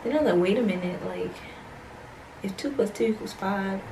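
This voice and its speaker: A woman's voice: mid-range voice, moderate pace, vocal fry, far from the mic, heavy background noise. A young woman telling a rambling, slangy story to her camera at home at night. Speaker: vlogger. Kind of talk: casual story time.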